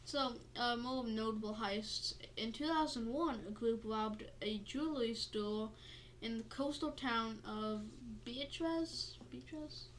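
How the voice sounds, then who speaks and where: A woman's voice: fairly high pitch, unhurried, a little hiss or hum. A woman co-hosting a podcast in casual chat, tired and yawning, playful and jokey as she wanders off-topic. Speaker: podcast co-host.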